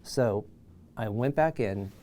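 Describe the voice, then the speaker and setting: A man in his sixties, an animal trainer, telling an anecdote in an animated way and acting out the voices of the people in it. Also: on the low side, takes it slowly, a little hiss or hum. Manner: animated, acts out quoted voices. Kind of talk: storytelling anecdote.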